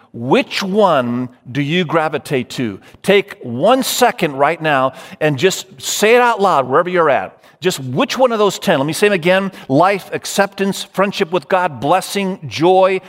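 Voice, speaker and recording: A man's voice: a little high, expressive, a little slow, hardly any pauses. A man preaching a sermon as pastor, emphatic, running through lists and speaking straight to his listeners. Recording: long hall reverb.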